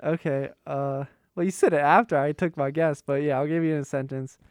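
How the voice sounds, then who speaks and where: A young college-age man with a Pittsburgh accent and a fairly high, smooth voice. He chats in an easygoing way and often breaks into laughter, recorded dry and close. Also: steady tone, a little fast, dry recording. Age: young adult. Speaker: co-host. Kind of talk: casual chat.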